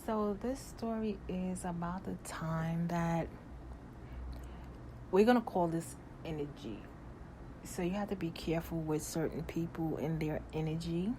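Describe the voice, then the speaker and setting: A young woman telling a personal story in a casual storytime, animated and growing loud and exasperated as she retells events. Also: fairly low pitch, a little slow, background noise.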